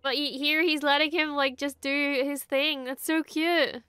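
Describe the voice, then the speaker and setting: Excitable woman reacting to a show. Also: high-pitched, measured pace, no room sound, studio quality. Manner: excitable, swears often, gushes. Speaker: reaction video host. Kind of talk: casual reaction commentary.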